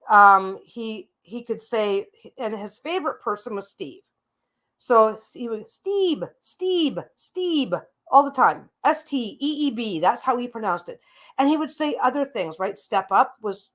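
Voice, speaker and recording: A woman hosting her own show, telling a long casual story with lots of asides, restarts and the odd swear word. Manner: chatty, rambling, frequent asides and restarts; mimics a parrot's calls in a higher squawky voice. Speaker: host.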